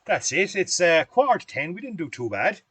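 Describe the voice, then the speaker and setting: A man's voice: high voice, big pitch swings, a little fast, pushed and bright, breathy edge, no room sound. A middle-aged Irish man demonstrating fly tying on a livestream, chatting in a rambling, folksy way between steps.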